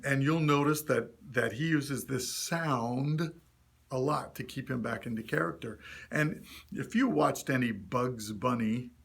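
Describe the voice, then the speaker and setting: Casting: male puppetry teacher, gravelly bright tone, coaching a class. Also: medium pitch. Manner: encouraging, demonstrates voices then asks learners to try. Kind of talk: instructional talk to a group.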